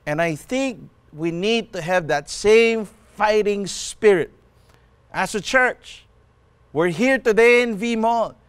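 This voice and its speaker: High-voiced Filipino pastor, fervent preaching. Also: male voice, slow pace, smooth, no room sound. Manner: exhorting, switching between English and Tagalog. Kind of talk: sermon. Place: empty mall venue.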